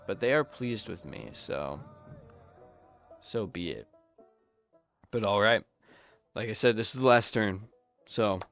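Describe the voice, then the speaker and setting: A man giving casual let's-play commentary, rambling and thinking aloud as he plays. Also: low-pitched. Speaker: gameplay commentator.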